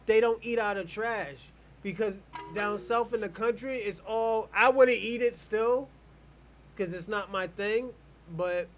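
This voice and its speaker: An American man hosting an online show, arguing bluntly and profanely in a heated live debate. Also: high voice. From United States.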